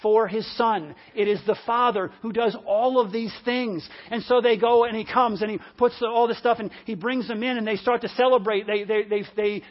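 A preacher in full sermon mode, leaning hard on repeated phrases and dropping from loud, driven emphasis to near-hushed stretches. The voice sits at a middling pitch. The recording is dull and lo-fi, with the top end muffled.

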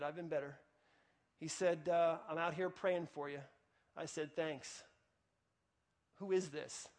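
This high-voiced, middle-aged pastor addresses his congregation through a conversational personal story. When prayers come, his voice falls to a hush.

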